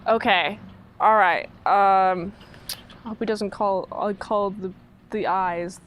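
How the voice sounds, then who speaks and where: A woman's voice: medium pitch, fairly even intonation, slow pace, lo-fi sound, slight background noise. A woman recapping and reviewing a TV show in a casual, sarcastic way, mocking the characters in put-on voices.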